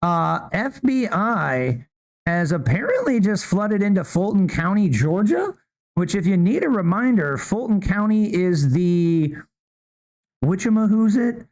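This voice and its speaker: A man's voice: sits high, big pitch swings, unhurried, a little mellow. A young man co-hosting a podcast in casual chat, rambling with stammers and restarts, tossing in "bro" and "man". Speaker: podcast co-host.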